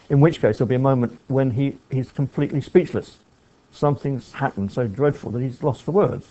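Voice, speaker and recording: Thoughtful man, mellow and rambling. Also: mid-range voice, fairly quick, highs cut off. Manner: rambling, thoughtful, frequent restarts and asides. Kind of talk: reflective talk on film and writing.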